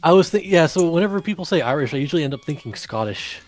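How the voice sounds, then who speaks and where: A man chatting casually with friends, blunt and animated, swearing freely. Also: on the high side, quick pace, over loud music. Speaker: chat participant. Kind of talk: casual chat.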